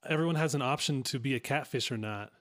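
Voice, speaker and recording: A man's voice: medium pitch, fast talker, fairly bright tone, no echo, clean studio sound. A man guest-hosting a podcast, asking long, rambling questions in a casual chat.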